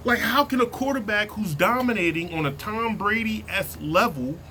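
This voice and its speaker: Man, high lively voice, heated sports rant, slangy, repeats himself, faint vehicle hum behind. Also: moderate pace. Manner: worked-up, slangy, repeats himself, drops to low mutters. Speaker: sports fan vlogger.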